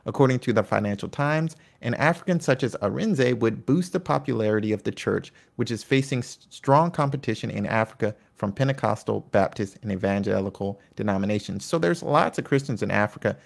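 A man's voice: medium pitch, creaky. A man hosting a history video, reading from his notes and breaking off into chatty, enthusiastic comments, sometimes tripping over names. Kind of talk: reading notes with off-the-cuff asides.

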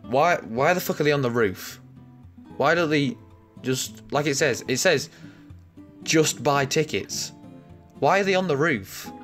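A young man riffs through mock-outraged, swear-heavy commentary in a fairly high voice. His tone stays ironic and exaggerated. Faint music plays in the background. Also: expressive, moderate pace, a bit bright. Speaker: comedy commentator. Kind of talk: sarcastic reaction commentary.

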